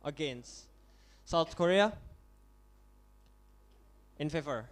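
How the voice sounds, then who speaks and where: A young man with an Indonesian accent chairs a model UN roll-call vote in English, with a slightly raised voice. He talks in a halting way, restarting and correcting himself as he goes. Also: fairly high pitch, expressive. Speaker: conference chair.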